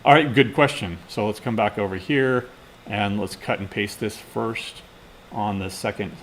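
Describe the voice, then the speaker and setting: This instructor's voice is fairly low and a bit bright, and he speaks a little slowly over slight background noise. He walks a class through live coding in a casual way, muttering as he types.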